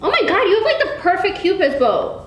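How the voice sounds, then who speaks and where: High excitable young woman, echoey. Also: brisk, a little hiss or hum. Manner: excitable, teasing, bursts into laughter. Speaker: guest youtuber. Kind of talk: casual chat.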